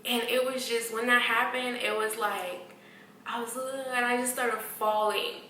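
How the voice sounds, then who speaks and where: A woman's voice: on the high side, steady tone, unhurried, sharp tone, roomy sound, far from the mic, a little hiss or hum. A woman vlogger telling a story in casual talk, blunt and profane, acting out what people said to her. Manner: blunt, profane, acts out quoted exchanges.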